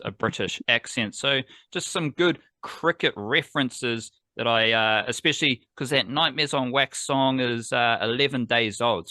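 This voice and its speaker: Kiwi guy, bright voice, chatty podcast host, loose and playful. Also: medium pitch, dry recording. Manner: rambling, enthusiastic, playful. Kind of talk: casual sports podcast chat.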